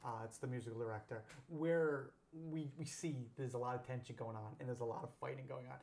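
A man's voice: mid-range voice, steady tone, fast, vocal fry, a little mellow, roomy sound. A middle-aged man hosting a casual interview, a theater director, prompting his guest in a conversational way.

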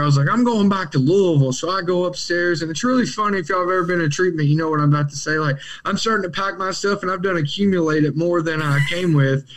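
A young man, his voice pitched a bit higher than most men's. He tells his story in casual, animated conversation, acting out the quotes and laughing often. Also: fast talker, hardly any pauses. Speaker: podcast guest in recovery.

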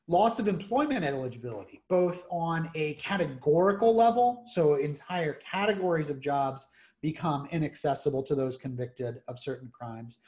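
A man hosting a podcast, explaining legal matters in measured, methodical lists. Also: on the high side, a little mellow. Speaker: criminal defense attorney host.

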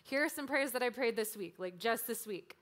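A woman delivers a sermon in a relaxed, chatty manner, peppering her points with "like" as she talks them through. Her voice sits a little higher than most women's. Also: fairly quick. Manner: conversational, frequent "like" fillers. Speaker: preacher.

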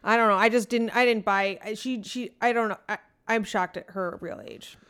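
A woman's voice: medium pitch, steady tone, moderate pace, fairly bright tone, smooth. Sarcastic woman co-hosting a podcast. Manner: sarcastic, swearing, mock-furious. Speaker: podcast co-host. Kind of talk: casual chat.

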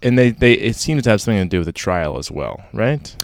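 A man co-hosting a casual book discussion, talking in a relaxed, conversational way. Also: lowish voice, quick pace, no room sound, studio quality. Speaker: podcast co-host.

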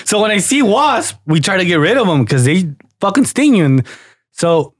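A man's voice: sits high, normal speed, no room sound, clean studio sound. A young man co-hosting a podcast, telling stories casually, swearing often and acting out what people said. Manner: animated storyteller, heavy swearing, acts out quotes. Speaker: podcast co-host.

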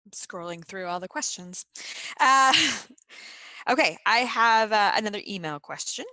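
A woman moderator passes audience questions along on a video call, halting and using fillers. Her voice is bright and a little tense. The sound is close and dry. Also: mid-range voice, expressive, no echo. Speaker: webinar moderator.

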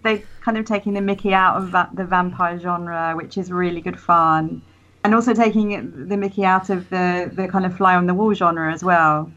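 Woman guesting on a tv podcast, keen and rambly, lowish voice, muffled. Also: steady tone, moderate pace, fairly bright tone. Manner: enthusiastic, rambling, laughs. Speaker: guest TV critic. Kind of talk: casual chat. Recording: dull lo-fi sound.

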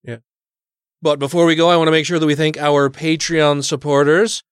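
A man's voice: fairly high pitch, flat delivery, fairly quick, clean tone, no room sound, studio quality. A man co-hosting a casual podcast, joking, laughing often and swearing. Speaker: podcast co-host.

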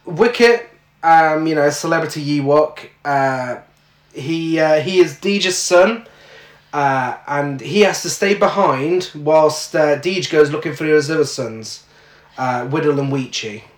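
A man's voice: fairly high pitch, slow. A man co-hosting a casual podcast, recapping a film plot with dry jokes and swearing. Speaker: podcast co-host. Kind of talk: casual chat. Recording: echoey room.

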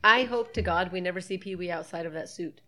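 A woman's voice: on the low side, quick pace, pushed and bright. A woman co-hosting a podcast, chatting casually about a film as she watches it, laughing often and swearing freely. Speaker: podcast co-host. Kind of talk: casual movie-watching commentary.

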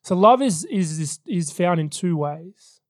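A man's voice: high-pitched, animated, a little slow, darkish tone, dry recording, clean studio sound. A man in his thirties preaching a sermon as pastor, telling personal stories in an earnest way. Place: church service.

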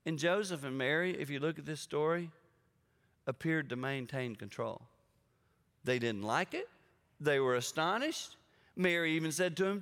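In a sermon, a male guest preacher with a drawl tells stories animatedly and speaks straight to the congregation. His voice is bright, smooth and a little higher than most men's, moving at normal speed with frequent pauses. A long reverb from a large church auditorium surrounds the sound.

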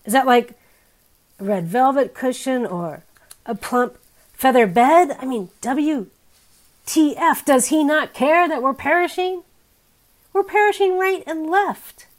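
A woman in her fifties preaching a sermon in a candid, wry, conversational way, her pitch and loudness swinging widely. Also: unhurried, pauses often.

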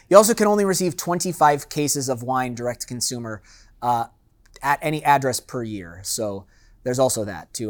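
A man, a master sommelier, giving a loose, conversational seminar to a live audience and acting out customers' lines. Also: medium pitch. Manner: loose and chatty with fillers and asides.

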